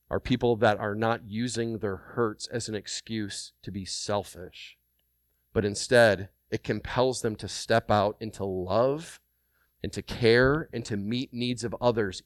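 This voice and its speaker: A man's voice: mid-range voice, smooth, dry recording. Brief: male pastor, resonant voice, dry close sound, emphatic sermon delivery. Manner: animated, emphatic preaching with repeated phrases and rhetorical questions.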